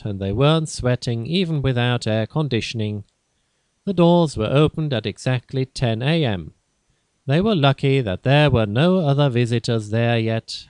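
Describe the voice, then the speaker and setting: A man's voice: medium pitch, dry recording. Man reading a simple story aloud. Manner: slow, careful, even reading. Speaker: narrator. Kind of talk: scripted graded-reader story narration.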